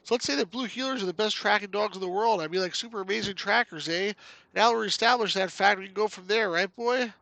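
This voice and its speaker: A brash, boisterous Canadian cop barks through a video game adventure, as a man puts him on. His voice is pushed well above its usual pitch, bright and loud, and his exaggerated Canadian accent is hammed up to the hilt. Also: quick pace, vocal fry, no echo, exaggerated voice. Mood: boastful. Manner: loud, hammy, ends lines with "eh".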